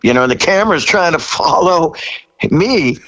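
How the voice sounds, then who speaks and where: Older man, interview guest, animated storyteller, frequent laughs, leaps high when quoting himself. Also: normal speed, poor audio. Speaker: interview guest, rock singer.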